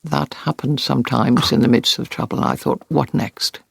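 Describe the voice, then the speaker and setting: A woman's voice: rumbling low, fairly even intonation, brisk, gravelly, no echo. A woman war correspondent earnestly recounting vivid experiences in an interview. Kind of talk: interview storytelling.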